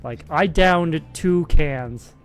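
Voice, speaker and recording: A male streamer talking casually over a game. His voice sits a little high and he jokes and laughs often. Quiet game music plays underneath. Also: very slow. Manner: chatty, joking, laughs often. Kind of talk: casual gameplay commentary and reading game text aloud.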